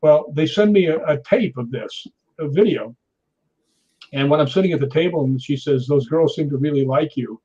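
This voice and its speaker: Brief: man, 60s, stuntman guest, husky raised voice, animated storyteller, dull lo-fi recording. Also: a little high, moderate pace. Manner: lively, laughs often, acts out others' lines. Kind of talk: anecdotal storytelling.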